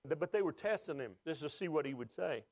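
A man's voice: a little high, animated, fast, darkish tone, dry recording. A pastor preaching a sermon, asking the congregation questions and rising with emotion as he is moved.

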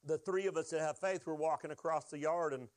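A man's voice: a little high, fairly quick, no room sound. A man preaching a sermon, telling a personal testimony in an earnest storytelling way and drawing out his key phrases. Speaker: pastor.

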